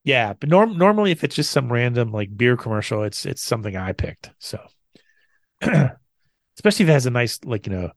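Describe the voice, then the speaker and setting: A man's voice: mid-range voice, big pitch swings, moderate pace, no echo, studio quality. A man co-hosting a podcast in casual chat, often stumbling and repeating words as he thinks. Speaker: podcast co-host.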